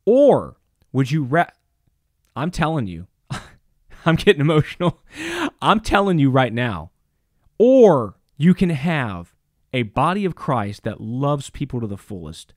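A man's voice: medium pitch, very animated, slow, long pauses, darkish tone, dry recording, clean studio sound. A man preaching a sermon as a pastor, impassioned and emphatic, repeating phrases for stress.

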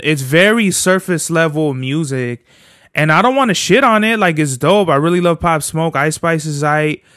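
Guy rambling on his podcast, cussing and slangy, smooth clear voice, bit high. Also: a bit bright, no room sound, studio quality. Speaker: podcast host. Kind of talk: casual solo podcast chat. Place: at home.

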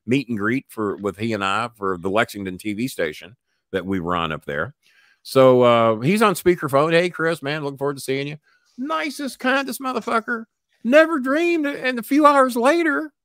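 On a podcast, an older guest with a cough tells a story with blunt delivery and lots of cursing, acting out different voices along the way. His voice is on the high side and a bit bright, captured with a dry, clean studio sound.

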